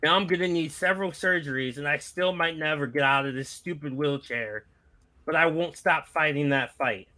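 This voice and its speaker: A gruff old wrestler in a wheelchair gives his farewell speech, as a man puts him on. The voice sits a touch high and bright. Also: normal speed. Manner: gruff speech-style delivery, compared to Shrek. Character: impression of a retiring veteran wrestler in a wheelchair.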